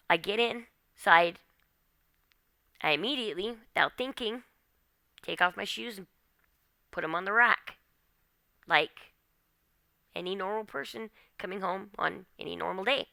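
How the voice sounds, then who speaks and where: A woman with a bright, gravelly voice tells her own story straight to camera, tense and full of "like" and "okay?" fillers. Her voice sits dry and close on the mic. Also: fairly low pitch, no room sound. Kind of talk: personal storytelling monologue.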